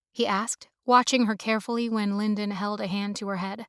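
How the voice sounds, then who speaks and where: A woman narrating a romance audiobook in a steady, even storytelling manner. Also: mid-range voice, brisk, hardly any pauses, clear, resonant tone, dry recording, studio quality.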